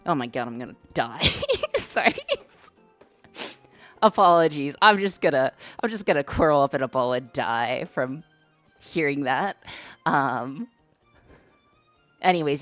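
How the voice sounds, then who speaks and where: A woman's voice: very deep voice, lively intonation, normal speed, dry recording, faint music behind. A woman streamer chatting casually with her viewers, hesitant and self-conscious, with many fillers. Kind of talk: casual live-stream chat.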